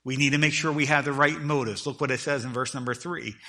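A man's voice: medium pitch, steady tone, fast, sharp tone. A middle-aged man preaching a sermon, with emphatic delivery that swells and drops in volume, often repeating words as he restarts. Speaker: pastor.

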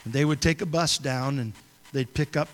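A man's voice: mid-range voice, normal speed. A man preaching a sermon as a pastor, telling a story in a folksy, conversational way in a church sanctuary. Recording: long reverb of a church hall.

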